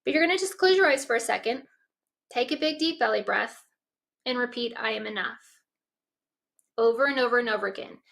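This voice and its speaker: High, bright-voiced woman coaching an audience. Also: fast talker, gravelly. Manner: coaching, guides listeners through exercises. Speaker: workshop presenter. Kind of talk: motivational workshop talk.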